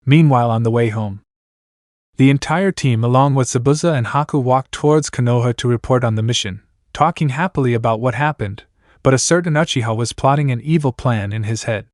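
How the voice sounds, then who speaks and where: A man narrating a fanfiction story in an even, steady reading voice. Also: mid-range voice, brisk, dry recording, clean studio sound.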